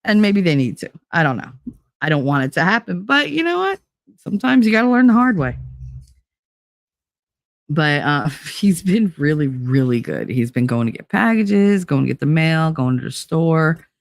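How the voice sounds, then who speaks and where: A woman in her forties hosting a show, telling personal stories casually and acting out the quotes with big jumps in pitch. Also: very animated, moderate pace, vocal fry, no room sound, studio quality. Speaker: podcast host. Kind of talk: casual storytelling monologue.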